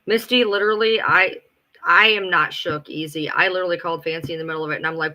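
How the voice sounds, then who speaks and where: A livestream host tears into a story with heated, profane energy. The voice is bright and forceful, in a middle register, and rushes ahead in bursts. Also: medium pitch, steady tone. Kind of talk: casual livestream rant.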